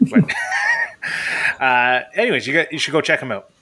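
A man's voice: mid-range voice, big pitch swings, moderate pace, bright, forceful tone, husky. A man hosting a casual podcast, rambling with frequent laughs. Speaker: podcast host.

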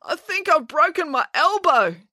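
A woman's voice: sits high, big pitch swings, moderate pace, no echo, clean studio sound, voice pushed up, exaggerated voice. A woman voicing a blustering male police constable who barks orders indignantly. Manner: shouty, indignant, barking orders.

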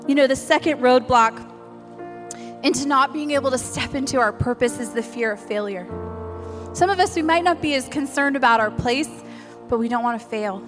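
A woman with a high voice delivers a heartfelt sermon, weaving personal stories into her message. She repeats her key lines for emphasis, and soft music plays quietly behind her. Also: moderate pace. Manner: acts out quoted voices in storytelling. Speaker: preacher and realtor.

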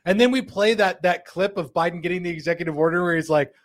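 Joking man hosting a live show. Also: sits high. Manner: joking, laughs often, puts on quick voices for quotes. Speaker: host. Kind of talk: live show, reading viewer comments.

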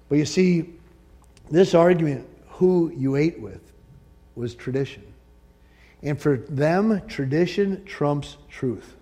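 A male pastor preaching a sermon, animated and joking, acting out quotes from the story and the congregation. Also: on the high side, measured pace, big-room sound. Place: church sanctuary.

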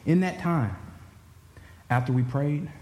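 A man's voice: a little high, animated, slow pace, warm tone, a little hiss or hum. A man telling an emotional personal story to a church congregation. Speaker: churchgoer giving a personal testimony. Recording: echoey hall with faint ambience.

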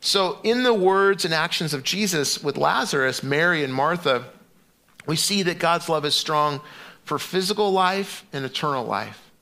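A man's voice: on the high side, animated, normal speed, sharp tone. A middle-aged man preaching a sermon in a loose, conversational way, with frequent restarts and fillers. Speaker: pastor.

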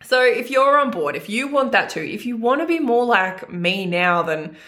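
A woman's voice: fairly high pitch, big pitch swings, normal speed, sharp tone. A young adult woman coaching on food and body image, talking earnestly and emotionally straight to her viewers in a personal monologue.

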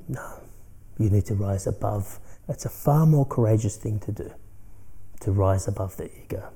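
A man with a very dark, mellow voice delivers a spiritual self-help monologue as a podcast host. He sounds earnest and reflective, moving between quiet, near-whispered lines and firmer emphatic ones. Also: mid-range voice.

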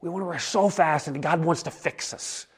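Male pastor, somewhat high voice; relaxed, chatty sermon storytelling with quiet, intimate drops. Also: moderate pace, slightly rough. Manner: casual storytelling preaching, often dropping to a soft hush.

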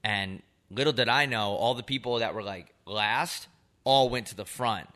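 On a podcast he co-hosts, a young man with a voice on the low side and a moderate pace tells animated stories in casual chat, rambling and swearing as he goes.

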